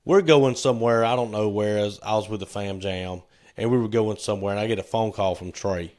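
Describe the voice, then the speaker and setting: A man's voice: on the low side, fairly quick, a little mellow. Guy on a podcast telling a story, easygoing, laughs along, does the voices. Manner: laid-back, chuckling, acts out quotes. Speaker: podcast co-host. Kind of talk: casual storytelling chat.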